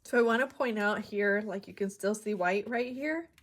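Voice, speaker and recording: A woman's voice: mid-range voice, normal speed. A woman hosting a casual craft tutorial, chatting and explaining each step as she works. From Northeast Ohio. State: emotional, voice dropping low. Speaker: crafting channel host.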